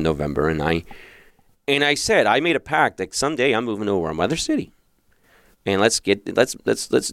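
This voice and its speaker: Host, male, lowish smooth voice, lively storyteller, dry close mic. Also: dry recording. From Philadelphia. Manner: animated, with many restarts, acts out past thoughts in a raised voice. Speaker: podcast host and relationship coach. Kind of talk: personal storytelling monologue.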